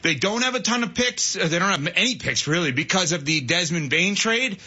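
Breathless high-voiced sports radio man. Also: fairly quick, breathy edge, lo-fi sound. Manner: animated, opinionated analysis. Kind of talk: sports talk radio discussion.

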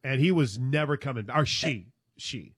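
A man's voice: medium pitch, expressive, normal speed, slightly rough, no room sound. A man co-hosting a casual sports talk show, upbeat and teasing.

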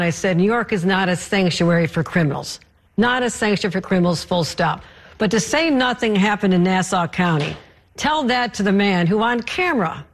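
Woman, debate candidate, emphatic, firm, middle pitch. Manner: firm, emphatic, repeating phrases for stress. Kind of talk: debate argument.

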